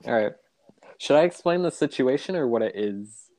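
A man's voice: mid-range voice, expressive, normal speed, a little mellow, rough recording. A young man co-hosting a casual podcast chat, telling a rambling story and laughing often. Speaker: podcast co-host.

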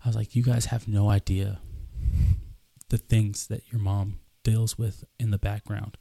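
A man's voice: fairly low pitch, little pitch movement, normal speed, creaky, dark tone, no room sound. A man in his twenties telling a story in an earnest, casual way, often repeating himself and acting out what was said. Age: 20s. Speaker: podcast host.

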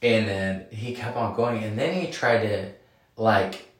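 A man in his thirties telling a story casually, animated and indignant, with many fillers. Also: lowish voice, slow pace, reverberant. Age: 30s.

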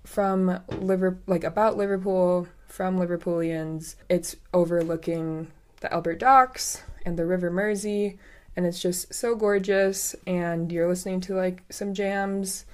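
A woman's voice: on the low side, steady tone, a little slow, a little mellow. A woman co-hosting a travel podcast, chatting in an upbeat, rambling way as she shares tips. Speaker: podcast co-host. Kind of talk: casual chat.

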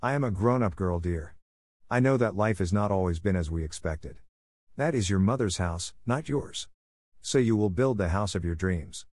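Man doing a kind young librarian woman, gentle and reassuring, in a dry close storybook read. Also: low-pitched, lively intonation, normal speed, dry recording.

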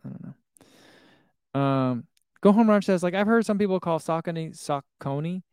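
A man's voice: high-pitched, animated, normal speed, darkish tone, smooth, no echo, clean studio sound. A man in his thirties chatting casually on a live stream, reading viewer comments aloud, rambling and chuckling. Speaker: running shoe vlogger reading live chat.

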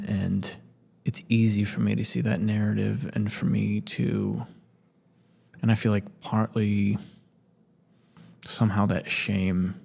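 Male co-host, low husky voice, flat and slow, halting reflective talk. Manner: halting, searching, repeats words. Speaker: podcast co-host.

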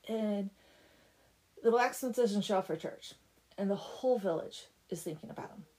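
A woman's voice: mid-range voice, normal speed, mellow, poor audio. A woman casually retelling a folk tale, chatty and full of "like". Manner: chatty, peppered with "like". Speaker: storyteller.

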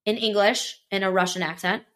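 A woman's voice: mid-range voice, fairly even intonation, fairly quick, a bit bright. A woman telling a personal story in casual chat, acting out quoted voices with animation. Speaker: guest.

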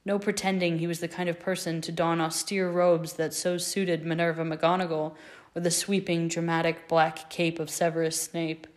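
A woman narrating a fan fiction story aloud in a measured, expressive reading. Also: on the low side.

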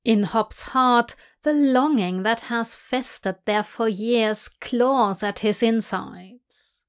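Slow-reading woman narrator. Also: fairly high pitch. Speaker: fanfic reader. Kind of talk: scripted storybook narration.

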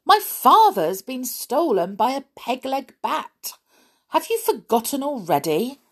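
A woman's voice: mid-range voice, animated, slow, breathy edge, heavily acted. A woman voicing an upset, determined little girl mouse who talks indignantly and anxiously.

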